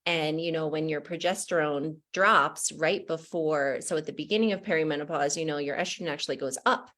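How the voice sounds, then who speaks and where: Candid, low-voiced host from New Jersey. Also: female voice, brisk. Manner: candid, animated, laughs often. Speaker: podcast host. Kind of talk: casual conversation.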